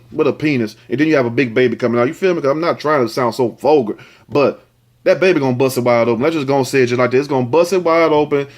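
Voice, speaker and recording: Man riffing crudely on a news story. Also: medium pitch. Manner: crude, joking asides between reading news lines. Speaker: host. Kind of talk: comedic news commentary.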